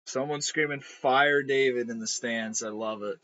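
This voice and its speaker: A tired man giving live game reaction commentary, frustrated and swearing, now and then breaking into shouts. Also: mid-range voice, fairly even intonation, normal speed, no echo, highs cut off. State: exhausted.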